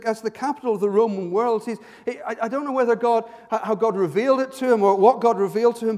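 A man preaching a sermon as pastor, stumbling and repeating words, swinging his pitch and loudness up and down. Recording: long hall reverb.

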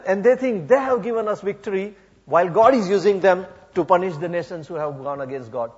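Male preacher from India, halting then fervent, muffled recording. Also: sits high. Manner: many fillers and restarts, rising to impassioned emphasis. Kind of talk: sermon. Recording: muffled sound with long hall reverb.

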